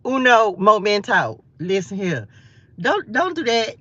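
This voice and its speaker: A woman's voice: mid-range voice, sing-song, measured pace, a bit bright, no echo, lo-fi sound. A woman from the American South, hosting a casual morning Bible study livestream from her car, chatty, playful, laughing at herself. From Southern United States. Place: parked car.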